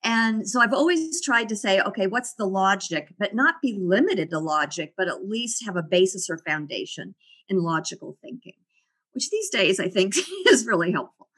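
A woman's voice: medium pitch, sing-song, moderate pace, a bit bright, slightly rough. A middle-aged woman talking as an interview guest, reflective and often laughing. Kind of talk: casual interview conversation.

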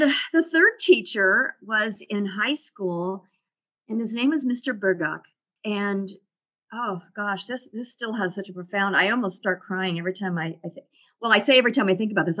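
A woman's voice: medium pitch, lively intonation, moderate pace, fairly bright tone. A middle-aged woman, a guest in an interview, reflectively telling personal stories and laughing often. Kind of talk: casual interview storytelling.

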